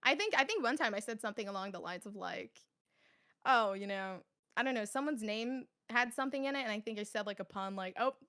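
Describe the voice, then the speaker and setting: A woman's voice: fairly high pitch, lively intonation, a little fast, fairly bright tone, smooth. A young woman, an esports commentator, telling rambling stories in a casual studio interview, laughing often. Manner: giggly, rambling storyteller.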